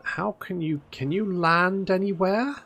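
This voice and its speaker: A man's voice: high voice, measured pace, a bit bright, faint music behind. A man commentating a strategy game in casual let's-play style, sarcastic and swearing as he grumbles at the game. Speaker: gaming YouTuber.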